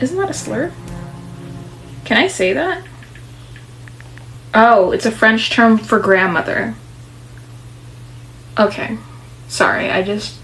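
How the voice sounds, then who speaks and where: A woman's voice: mid-range voice, vocal fry, fairly bright tone, poor audio. A young woman reading an interactive story game aloud, with chatty, playful asides.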